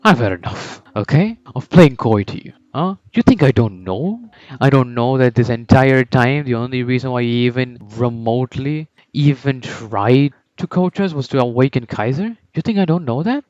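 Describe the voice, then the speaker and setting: A man's voice: lowish voice, moderate pace, clean tone, no room sound, close to an everyday voice. Man playing a sneering furious teen striker. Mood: defiant. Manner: taunting, sneering, shouting. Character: cocky furious teen male soccer striker. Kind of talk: fan story voice acting. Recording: dull lo-fi with background music.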